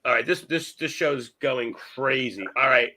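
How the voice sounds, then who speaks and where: A man co-hosting a casual talk show, excitable and playful, jumping in with jokes and questions for viewers. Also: mid-range voice, a little slow. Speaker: co-host. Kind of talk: casual chat.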